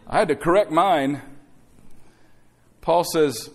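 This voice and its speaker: A man's voice: a little high, lively intonation, moderate pace. A middle-aged man preaching a sermon as pastor, exhorting the congregation to say amen and throwing in conversational asides and rhetorical questions.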